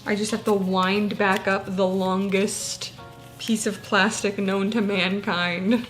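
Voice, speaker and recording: A woman's voice: mid-range voice, flat delivery, slow, fairly bright tone, soft background music. A woman chatting casually while she decorates a journal page, self-deprecating and laughing often. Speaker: booktuber. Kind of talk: casual chat while crafting.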